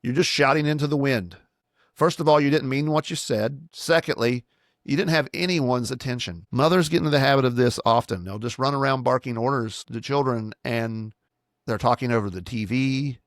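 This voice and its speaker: A man's voice: mid-range voice, moderate pace, dry recording, studio quality. A middle-aged man, a pastor hosting a solo podcast, teaching in an earnest, instructive way and sometimes acting out sample commands to children.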